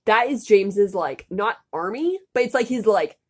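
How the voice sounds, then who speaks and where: A woman's voice: mid-range voice, animated, moderate pace. A woman co-hosting a comedy podcast, reading aloud from a story she wrote and commenting on it with exasperated amusement. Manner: reads her old writing aloud, then reacts with exasperated laughter. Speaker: podcast co-host.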